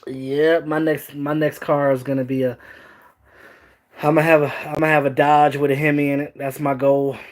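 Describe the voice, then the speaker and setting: A man hosting a casual sports talk stream, animated, joking and swearing as he reacts to chat. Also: fairly high pitch, normal speed. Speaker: host.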